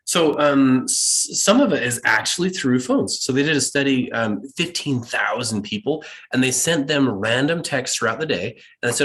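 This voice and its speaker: A man presenting a motivational talk at a school event, lively and acting out quoted voices. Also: medium pitch, normal speed, few pauses.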